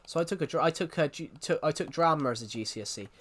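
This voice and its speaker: A man's voice: on the high side, fast, a bit bright. A man who grew up in the United Kingdom chatting casually on a live stream, rambling and laughing with frequent restarts.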